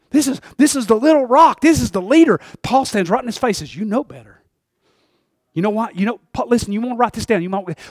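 A man preaching a sermon, calling for amens and swinging between shouts and hushed asides. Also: extremely high pitch, breathy edge, no echo, studio quality. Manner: calls for amens from the congregation. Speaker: pastor.

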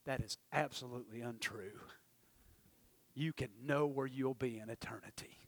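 A man quoting a little girl of about eight in a hushed, near-whispered voice. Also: mid-range voice, normal speed, no echo, pitched below the performer's own voice, lightly acted. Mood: earnest. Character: little girl, seven to nine, earnest questioner.

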